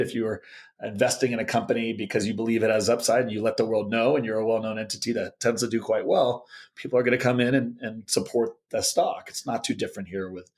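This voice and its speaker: A man, a guest on a markets podcast, explaining options hedging in a thoughtful way with many fillers and restarts over a remote call. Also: medium pitch. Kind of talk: interview answer on markets.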